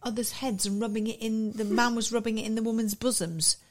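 An older woman co-hosting a casual podcast, telling stories with animated acted-out quotes. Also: a little high, brisk. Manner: animated storyteller, acts out quotes. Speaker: podcast co-host, children's author. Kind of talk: casual podcast chat, storytelling.

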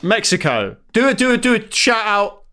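A man's voice: sits high, sing-song, normal speed, sharp tone. A man co-hosting a comedy podcast, bantering in a dry, mocking way at his desk mic. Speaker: podcast co-host. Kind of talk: bickering comedy podcast chat. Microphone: home studio mic at a desk.

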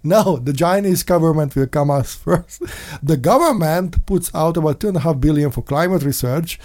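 A man hosting a casual commentary monologue, sarcastic, mocking in put-on voices and breaking into sudden shouts. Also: fairly high pitch, moderate pace. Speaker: podcast host.

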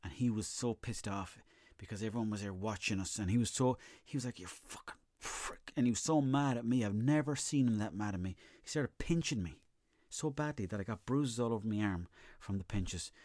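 A man's voice: lowish voice, brisk, darkish tone, no echo, clean studio sound. A young Irish man hosting a comedy podcast, telling rambling, profane stories in a casual monologue. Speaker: podcast host.

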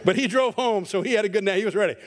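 A middle-aged male pastor delivers a conversational sermon in a church sanctuary, telling stories and acting out their voices in a self-deprecating way. He speaks rapid-fire in a high-pitched voice, and long hall reverb fills the recording.

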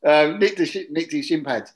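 A man telling a long casual anecdote as an interview guest, chatty and drifting into quiet muttered asides. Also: on the high side, normal speed, low-quality recording. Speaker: guest, former footballer.

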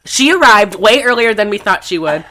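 Brief: woman podcast co-host, casual rambling chat, bright tone, giggly delivery. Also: medium pitch, lively intonation, normal speed, a little hiss or hum.

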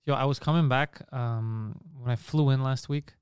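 Medium-pitched and smooth, he speaks at a normal speed in a studio-quality recording free of echo. The man co-hosts a podcast, has a Greek family background, and keeps the casual talk animated with stories and plenty of swearing.

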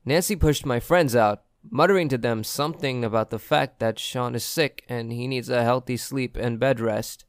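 A man reading a first-person story aloud as a steady, even storyteller. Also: medium pitch, normal speed, hardly any pauses, clean tone, no room sound, studio quality. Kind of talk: first-person scripted narration.

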